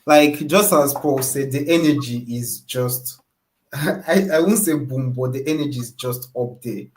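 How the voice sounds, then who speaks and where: A man hosting a live stream who thanks his guest with warm, halting appreciation. His voice sits at a mid pitch, and he pauses to find his words.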